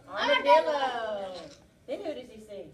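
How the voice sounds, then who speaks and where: In a classroom, a kindergarten teacher reads a picture book aloud to young children, coaxing them with many animated questions. Her voice is a little high and brisk, picked up by a distant mic.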